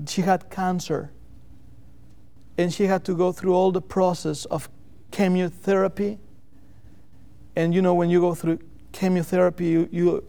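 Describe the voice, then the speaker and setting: A man preaching a sermon in an earnest, halting way, repeating phrases for emphasis. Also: high voice, dark tone, clean tone.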